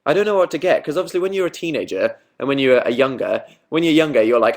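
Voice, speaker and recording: A man's voice: mid-range voice, expressive, fast, hardly any pauses. A young man chatting casually on a livestream, reading out viewer comments with self-mocking asides. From Britain. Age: young adult. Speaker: livestream host.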